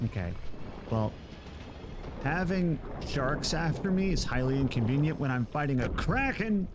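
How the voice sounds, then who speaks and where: A man's voice: a little high, unhurried, background noise. A man streaming a game live, commenting as he plays, often yelping and exclaiming in surprise. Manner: excitable, yelps and exclaims often.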